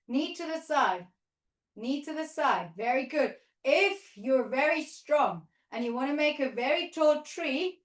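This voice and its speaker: A woman teaching a playful toddler yoga class, giving encouraging step-by-step cues, with sing-song lines and barking animal noises. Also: high-pitched. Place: yoga studio or hall. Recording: echoey room.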